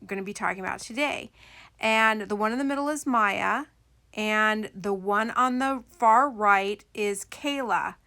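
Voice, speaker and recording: A woman's voice: medium pitch, sharp tone. Chatty middle-aged woman, rambling jokily. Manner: rambling, joking asides, self-deprecating. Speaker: doll collector vlogger. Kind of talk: casual unboxing chat to camera.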